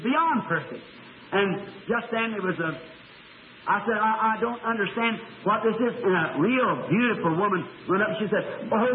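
Middle-aged preacher, high voice, earnest halting sermon on a tinny old tape with faint hiss. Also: male voice. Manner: earnest storytelling, halting repeats. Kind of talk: sermon testimony.

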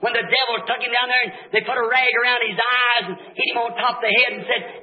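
A man preaching a revival sermon, shouting fervent declarations and then dropping to hushed, low passages. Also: fast, few pauses. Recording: dull echoey old tape recording.

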